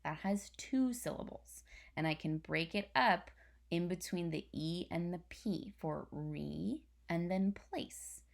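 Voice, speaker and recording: A woman's voice: lowish voice, slow pace, gravelly. A young woman teacher patiently explaining a spelling lesson step by step to her class. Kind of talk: recorded online spelling lesson.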